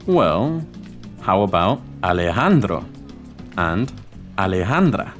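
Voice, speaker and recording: Guy teaching spanish, low voice, super animated, faint music under it. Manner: lively, theatrical, slow careful pronunciation drills. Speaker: language podcast host. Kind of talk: scripted immersive language lesson.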